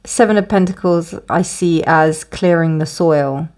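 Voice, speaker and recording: A woman's voice: sits low, measured pace, a little mellow. A woman giving a casual tarot reading, rambling with many restarts and fillers. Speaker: tarot reader. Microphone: close, dry room with windows closed.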